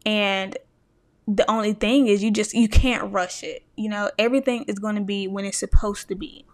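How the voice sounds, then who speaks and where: A woman's voice: mid-range voice, steady tone, moderate pace, dry recording. A young woman hosting a podcast, sharing a personal faith story in an earnest, emotional way and speaking straight to her listeners. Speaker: podcast host.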